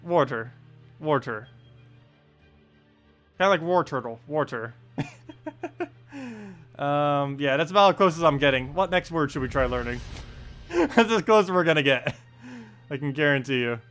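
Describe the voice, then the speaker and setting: Lively, playful male game streamer. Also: on the high side, normal speed, long pauses, soft background music. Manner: playful, laughs often, keeps repeating a word to test his pronunciation. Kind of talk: casual live-stream chat.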